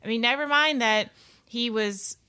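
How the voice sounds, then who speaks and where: A woman's voice: fairly high pitch, a little slow, sharp tone, clean tone. A woman co-hosting a casual political podcast, dry and joking in her remarks. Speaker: podcast co-host.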